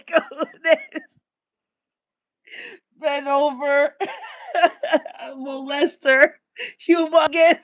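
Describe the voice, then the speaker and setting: A woman's voice: high voice, lively intonation, very slow, long pauses, no room sound. A woman reacting to a clip, swearing and laughing a lot as she comments. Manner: loud, profane, laughing often. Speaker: reaction streamer.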